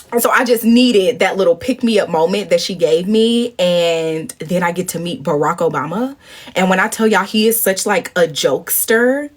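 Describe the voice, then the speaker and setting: A woman in her twenties from St. Louis chatting to viewers on a phone livestream, telling a story in a lively, profane way and calling them y'all and girl. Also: on the low side, slightly rough. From St. Louis, USA. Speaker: livestream host. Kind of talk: casual storytelling chat. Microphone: phone at arm's length.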